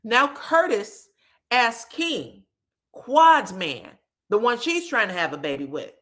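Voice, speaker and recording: A woman's voice: mid-range voice, measured pace. A woman giving a casual gossip recap of a reality show, acting out the cast's lines with frank cursing. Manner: animated, acts out quotes, frank cursing.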